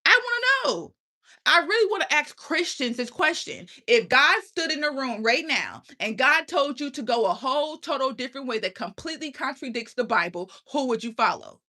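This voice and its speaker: A woman's voice: sits high, expressive, moderate pace, bright, forceful tone. A young adult woman hosting her own channel, ranting in a blunt, profane, preachy way and firing questions at her viewers. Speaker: channel host. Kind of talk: casual livestream rant.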